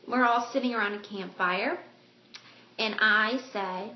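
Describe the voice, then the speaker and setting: A woman's voice: mid-range voice, unhurried. A woman vlogger chatting casually and mocking herself in a giggly way, in a room at home. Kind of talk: casual vlog chat. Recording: roomy dull home video with faint hiss.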